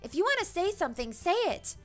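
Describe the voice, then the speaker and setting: A woman's voice: very high-pitched, very animated, brisk, faint music behind, pitched above the performer's own voice. A woman voicing a sour, snappy teenage schoolgirl in a game.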